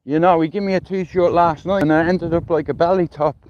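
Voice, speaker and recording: Dublin guy rambling and swearing on a phone stream while walking, kinda high voice, sound's dull and muffled. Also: steady tone, a little fast, a little mellow, slight background noise. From Ireland. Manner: rambling, sweary, "you know what I mean". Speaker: livestreamer. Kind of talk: casual livestream chat. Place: outdoors, walking through a neighbourhood.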